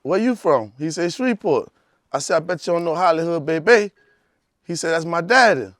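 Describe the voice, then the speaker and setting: A man's voice: on the high side, expressive, brisk, no echo, studio quality. Man telling a rambling story. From Louisiana. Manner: rambling, repeats "you hear me". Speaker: rapper guest. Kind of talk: casual storytelling interview.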